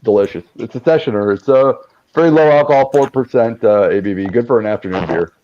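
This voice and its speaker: A Canadian man chatting bluntly and quickly. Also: mid-range voice. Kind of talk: casual chat. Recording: dull lo-fi line.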